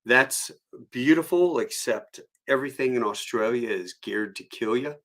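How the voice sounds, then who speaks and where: A man's voice: mid-range voice, normal speed, a bit bright. A man hosting a solo live stream, telling rambling travel anecdotes with frequent chuckles. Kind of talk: storytelling.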